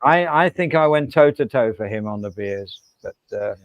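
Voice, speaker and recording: A man's voice: medium pitch, expressive, normal speed, dry recording. A man chatting casually on a live stream, rambling and laughing over a few beers, with the hiccups. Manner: rambling, laughing, swearing, drinking beer.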